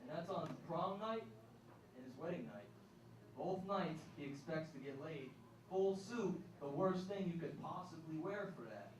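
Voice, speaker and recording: Stand-up comedian in an echoey room, taped from afar. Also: male voice, fairly high pitch, animated, measured pace, far from the mic, background noise. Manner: loose, crowd-teasing delivery. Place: room in a retirement home. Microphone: handheld mic on a stand.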